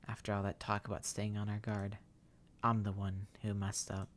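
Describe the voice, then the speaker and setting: Dying game character, faint and breathy, read by a male streamer. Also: lowish voice, completely flat delivery, normal speed, slight background noise, voice pushed down, lightly acted. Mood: fading. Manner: weak, breathy, fading. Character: dying young man, weak and faint.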